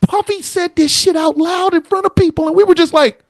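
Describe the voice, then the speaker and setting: A man hosting a casual comedy podcast, profane and animated, often acting out quotes in other voices. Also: extremely high pitch, brisk, dry recording, clean studio sound. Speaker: podcast host.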